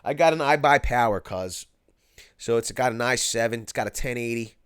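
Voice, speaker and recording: Philly-raised male host, casual and slangy, mid-pitched, dry close mic. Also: normal speed, a bit bright, clean tone, no echo. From Philadelphia, USA. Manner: laid-back, slangy, says "cuz" and "yo". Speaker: host reading live chat. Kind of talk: casual livestream chat.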